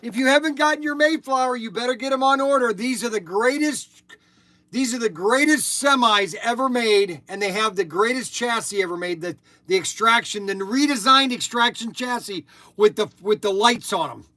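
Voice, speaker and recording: An older man hosting a live toy shop show, pitching products with pushy salesman hype and repeating himself as he talks. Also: normal speed, pushed and bright, no room sound.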